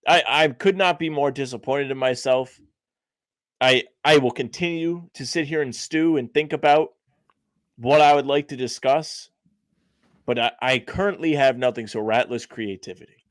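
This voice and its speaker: A man's voice: mid-range voice, normal speed, no room sound, studio quality. A young man co-hosting a casual sports podcast, laid-back and self-deprecating, with many "like"s. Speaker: podcast co-host.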